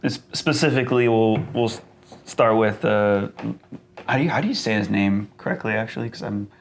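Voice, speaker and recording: Male podcast co-host, fairly low voice, thoughtful and rambling casual chat. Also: fairly quick, slight background noise.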